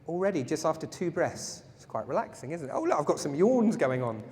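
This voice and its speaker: A man's voice: on the high side, big pitch swings, a little fast, few pauses, a little mellow, a little hiss or hum. A man teaching a self-defense workshop, playful and jokey, often asking the audience questions. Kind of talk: live workshop lecture to a group. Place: large hall with an audience. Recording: echoey hall.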